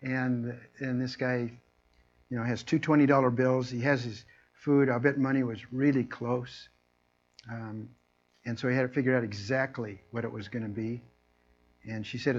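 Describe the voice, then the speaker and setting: Man preaching casually, mid-range voice, slips into animated voices for people in his stories; slightly muffled recording. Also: mid-range voice, normal speed, a little hiss or hum. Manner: storytelling, acts out people's lines in a raised, animated voice. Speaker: pastor. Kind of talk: conversational sermon.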